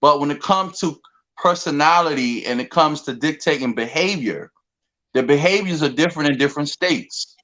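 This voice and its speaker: A man from the DC area, talking in a rambling, animated way in a casual group debate, often repeating words. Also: fairly high pitch, normal speed, low-quality recording. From DC, Maryland, Virginia area.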